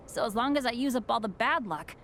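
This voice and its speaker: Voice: mid-range voice, lively intonation, quick pace, fairly bright tone, slight background noise. An actor voicing an upbeat, unlucky teenage boy adventurer in a video game, eager and cheerful. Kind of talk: game voice acting.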